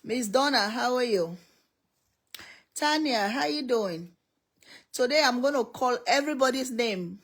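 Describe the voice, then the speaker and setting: A woman's voice: a little high, expressive, unhurried, long pauses. Chatty middle-aged woman hosting a livestream. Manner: laughs often, calls out viewer names one by one. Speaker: livestream host greeting viewers. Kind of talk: casual livestream chat. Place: home.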